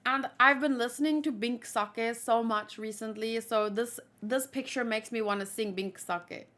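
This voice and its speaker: A woman's voice: a little high, moderate pace, fairly bright tone. A woman hosting a manga read-along, reading aloud and chatting casually, thinking aloud with restarts as she talks.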